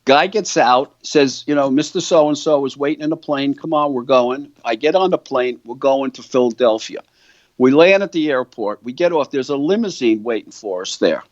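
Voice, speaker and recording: A man's voice: mid-range voice, moderate pace, dry recording, dull audio. An older man, a guitar company founder telling a long story in an interview, acting out what others said. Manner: animated storyteller, quoting others' words.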